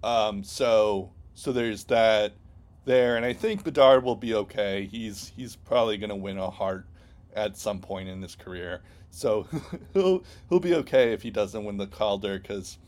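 Low-voiced man rambling about hockey. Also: a little slow, a little mellow. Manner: rambling, many ums and restarts. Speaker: podcast co-host. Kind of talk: casual sports chat.

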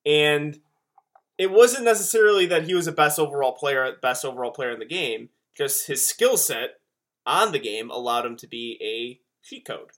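A man co-hosting a podcast, chatting casually in a rambling, animated way. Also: a little high, normal speed. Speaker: podcast co-host. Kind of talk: casual chat.

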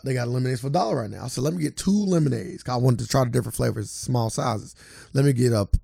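Man, casual podcast chat, animated storyteller, acts out quotes, gravelly, dry close sound. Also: on the low side, no room sound. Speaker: podcast co-host.

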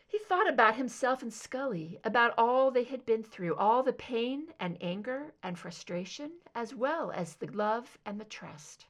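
A woman reading fan fiction aloud as an audiobook, narrating in a measured, expressive way. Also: mid-range voice. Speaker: audiobook reader.

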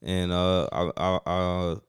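Low smooth-voiced man, relaxed. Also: takes it slowly, no echo, studio quality. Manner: relaxed, slangy, many fillers. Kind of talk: casual chat.

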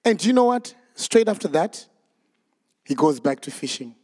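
A male preacher giving a sermon, telling a Bible story in a lively, dramatic way. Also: high-pitched, moderate pace. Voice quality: animated storytelling, acts out voices.

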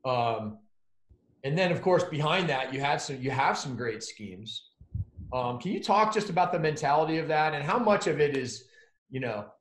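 A man's voice: on the high side, lively intonation, moderate pace. A male podcast host asking questions in a hesitant way, with many fillers. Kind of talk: casual podcast conversation. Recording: roomy echo.

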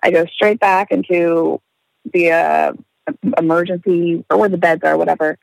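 A woman's voice: lowish voice, fairly even intonation, moderate pace, creaky, no room sound, low-quality recording. A young woman telling a story in casual chat, swearing freely, laughing and acting out the voices of the people in it.

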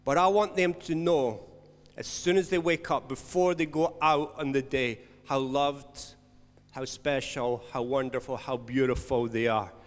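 A man preaching a sermon as pastor, earnest, swinging between loud stressed words and soft, slowed emphasis. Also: medium pitch, fairly even intonation. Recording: long hall reverb.

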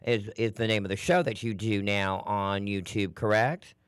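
A flamboyant male radio host with a husky, strained, throaty voice that still comes through smooth and resonant. He chats breezily and calls people honey and doll. The sound is dry and close. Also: lowish voice, steady tone, moderate pace, dry recording. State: hoarse, strained voice. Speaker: talk show host. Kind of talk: casual radio talk show chat.

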